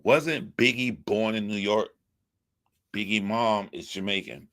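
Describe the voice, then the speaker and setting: A man's voice: on the low side, steady tone, a little slow, a bit bright. A young man from the United States giving profane, emphatic commentary, repeating his points as he rants. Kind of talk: ranting commentary.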